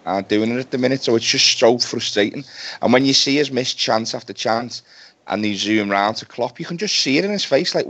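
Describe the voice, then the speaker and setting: A man's voice: medium pitch, fairly quick, gravelly, a bit bright. A man on a casual football podcast, talking in frustrated, rambling runs with swearing and restarts. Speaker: podcast regular. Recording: dull lo-fi sound.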